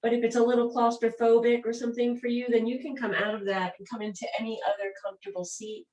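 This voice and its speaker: A woman teaching a gentle yoga and breathing class, guiding calmly and softly. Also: fairly high pitch, quick pace. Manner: calm, gentle, soothing guidance. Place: room where she does yoga on a mat. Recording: roomy sound from a distant mic.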